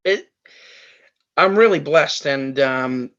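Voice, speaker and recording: A man's voice: fairly high pitch, animated, slow pace, a bit bright, highs cut off. A man guest on a podcast, telling an emotional story in a rambling way, full of fillers and restarts. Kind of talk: emotional storytelling in casual chat.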